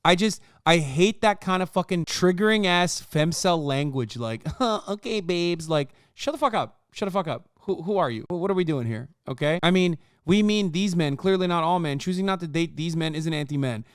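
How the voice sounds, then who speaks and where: A man's voice: on the high side, a little fast, few pauses, clear, resonant tone, no room sound, studio quality. A man in his thirties ranting and joking sarcastically as he reacts to a video, swearing often. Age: 30s. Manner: profane, sarcastic, heated ranting. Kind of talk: casual reaction commentary.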